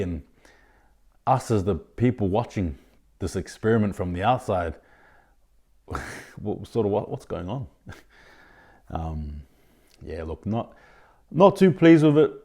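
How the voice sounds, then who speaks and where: A man hosting his own rugby league podcast, giving indignant opinions in a ranting style, with sudden loud outbursts of disbelief. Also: on the low side, lively intonation, unhurried, long pauses. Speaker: podcast host. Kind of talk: opinionated sports commentary.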